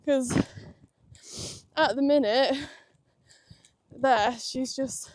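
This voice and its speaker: A woman's voice: high voice, extremely slow, no room sound, clean studio sound. A young woman giving casual commentary while she rides, chatty and full of praise for her horse. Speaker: equestrian vlogger. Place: outdoor riding arena at a stable yard.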